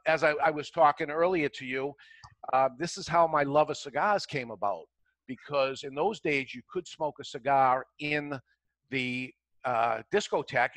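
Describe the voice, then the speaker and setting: A man's voice: mid-range voice, bright, forceful tone, no echo, poor audio. A man, casually telling a long anecdote as a talk show guest and acting out both sides of old conversations. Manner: anecdotal, acts out dialogue in quotes. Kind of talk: casual storytelling.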